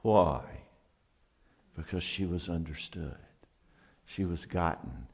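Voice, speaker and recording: A middle-aged man with a fairly low voice gives a seminar talk as a counselor. He talks in an earnest, conversational way and often drops his voice for emphasis. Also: takes it slowly, gravelly, a little mellow, breathy edge.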